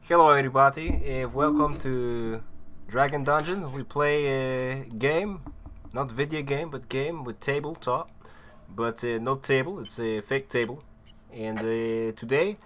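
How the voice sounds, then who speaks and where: A man's voice: medium pitch, unhurried, a bit bright, voice pushed up, lightly acted. A man using a made-up foreign accent to open a tabletop game show in broken English. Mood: goofy.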